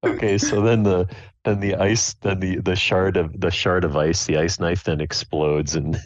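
A man's voice: deep voice, level tone, normal speed, no room sound. A man playing a tabletop game, stammering and repeating himself as he explains his moves. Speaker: player. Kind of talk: casual tabletop game chat. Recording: dull, dry lo-fi mic.

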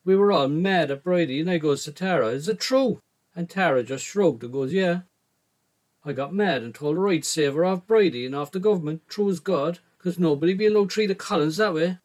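A man's voice: a little high, brisk. A young man with a Cork Irish accent narrating a first-person story in a rambling, colloquial way. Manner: rambling colloquial telling, frequent "like" and "I goes".

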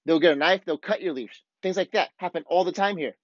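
A man with a slightly raised pitch hosts his podcast in a blunt, profane, worked-up monologue. The room is dead dry and the sound is a bit muffled. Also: brisk, dry recording. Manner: blunt, profane, fired-up ranting. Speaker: podcast host. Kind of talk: casual monologue.

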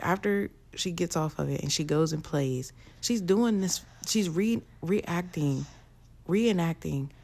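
A woman's voice: deep voice, darkish tone, husky. A young woman, ranting bluntly and profanely to camera in a casual vlog. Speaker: vlogger.

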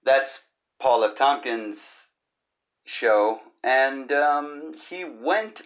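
Slow, rambling awkward man hosting a podcast. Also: mid-range voice, animated, fairly bright tone. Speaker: podcast host. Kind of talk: casual comic monologue.

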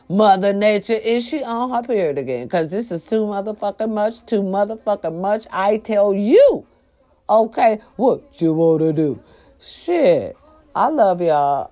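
An older grandmother in a casual vlog, giving animated, profane advice to her viewers and calling them y'all. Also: mid-range voice. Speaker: vlogger. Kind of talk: casual straight-to-camera talk.

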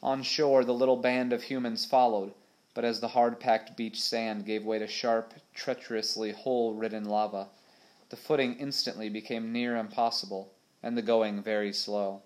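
Measured male audiobook narrator. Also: on the low side, level tone. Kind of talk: storybook narration.

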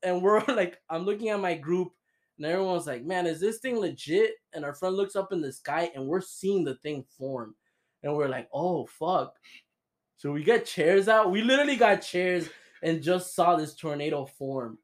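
A man's voice: high voice, lively intonation, normal speed. A young man from Florida hosting a podcast, telling stories in a casual way, swearing often and laughing. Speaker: podcast host. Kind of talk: casual chat.

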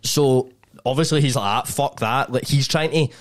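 A man's voice: medium pitch, normal speed. A young man hosting a podcast, telling events in casual chat, acting out what people said and swearing as he goes. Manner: acts out quotes of people, swears, mixes chat with narration. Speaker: podcast host.

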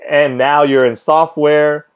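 A man hosting an interview, talking in a relaxed, conversational way. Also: on the high side, slow, clear, resonant tone. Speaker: host. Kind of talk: casual interview chat.

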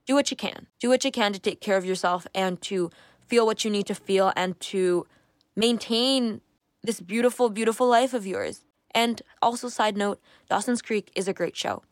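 Young woman host in her twenties, mid pitch, candid self-reflective solo podcast talk, dry close recording. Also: normal speed, no echo. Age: 20s. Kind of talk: casual solo podcast monologue.

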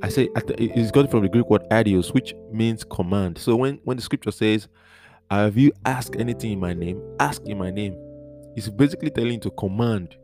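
A man with a fairly low voice teaches from the Bible on a podcast, earnest and repetitive. He often circles back over a point and spells out key words letter by letter. Guitar music plays clearly behind him.

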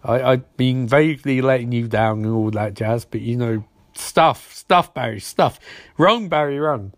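A man's voice: medium pitch, measured pace, dry recording, studio quality, pitched below the performer's own voice, lightly acted. A man voicing a weary mentor scientist who mumbles and trails off, in a comedy show recap. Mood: weary mumbling.

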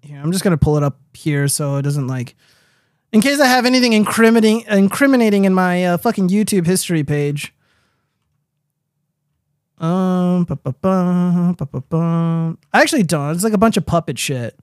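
Young male stream host, high voice, dry close sound, rambling and profane, reads chat aloud. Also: brisk, no echo. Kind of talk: casual livestream chat.

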